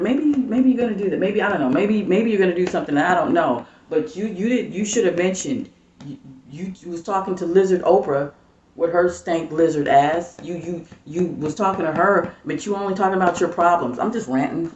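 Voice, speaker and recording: A woman's voice: fairly low pitch, a little mellow. A woman vlogger delivering an angry, profane rant to her subscribers, heated and repetitive, calling down judgment. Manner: heated, repetitive, swearing, preachy. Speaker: YouTube vlogger. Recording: roomy, distant, dull lo-fi sound.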